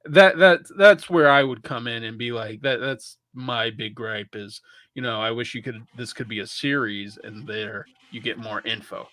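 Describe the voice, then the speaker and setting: A man's voice: mid-range voice, normal speed, sharp tone, no room sound. A man co-hosting a podcast, chatting casually about a film with lots of restarts and the odd curse word. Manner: rambling with many restarts and casual swearing. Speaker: podcast co-host. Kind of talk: casual film review chat.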